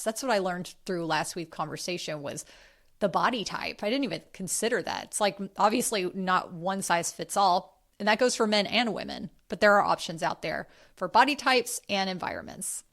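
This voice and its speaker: A woman's voice: medium pitch, fairly bright tone. A woman hosting a podcast, talking in an earnest, chatty way with friendly asides. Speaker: podcast host. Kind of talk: casual podcast talk.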